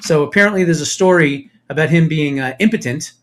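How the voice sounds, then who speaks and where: A man's voice: on the high side, a little fast. Male talk radio host from New Jersey, mocking tone, loose rambling delivery. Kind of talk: casual political talk radio banter.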